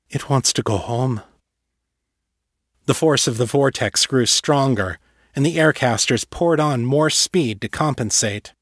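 A man reading a fantasy story aloud in a steady, measured narration. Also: mid-range voice, no room sound, studio quality. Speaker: audiobook narrator.

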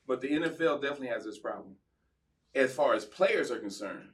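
A man's voice: mid-range voice, expressive, fairly quick. Reflective man, voice set back from the mic. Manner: affirming, reflective, restarts his sentences. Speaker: guest, former pro football player. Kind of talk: casual conversational interview. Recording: voice sounds distant from the mic.

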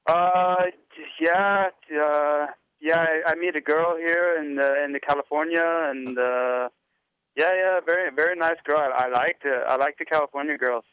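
A man's voice: on the high side, steady tone, moderate pace, fairly bright tone, smooth, no room sound, close to an everyday voice. A man putting on a German accent to play a hesitant young male racer who speaks broken English full of fillers and restarts, on a dull lo-fi radio recording. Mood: halting. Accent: German (put on).

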